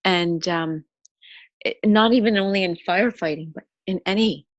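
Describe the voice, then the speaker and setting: Halting, emotional woman on a video call. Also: on the low side, dry recording, dull audio. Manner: emotional, halting, many fillers. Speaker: webclass participant. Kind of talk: emotional personal sharing.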